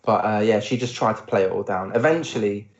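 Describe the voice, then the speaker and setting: A young man co-hosting a podcast in casual chat, animated when telling stories and acting out what others said, swearing freely. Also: fairly low pitch, brisk. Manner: animated storytelling, acts out quotes, swears. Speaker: podcast co-host. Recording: roomy, dull lo-fi sound.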